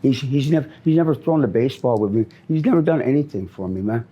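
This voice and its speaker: A man's voice: medium pitch, lively intonation, fast talker, muffled recording. A middle-aged man from Minnesota answering interview questions on the street, rambling, repeating himself and often ending with "man.".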